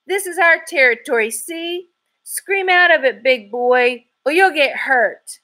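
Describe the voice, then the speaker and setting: A woman voicing a gentle girl who puts on a hard-boiled gangster manner. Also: lively intonation, a little slow, exaggerated voice. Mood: mock tough. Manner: mock tough-talking, high and loud.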